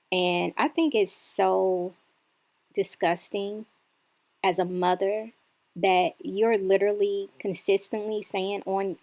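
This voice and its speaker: A woman hosting a reaction channel, speaking in an indignant, lecturing way with drawn-out emphasis as she criticizes a clip. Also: lowish voice, gravelly, a little mellow.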